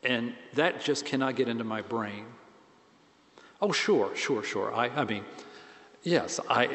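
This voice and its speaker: A man priest giving a conversational, self-deprecating sermon with animated swings in pitch and volume. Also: slow pace, long pauses, long reverb tail.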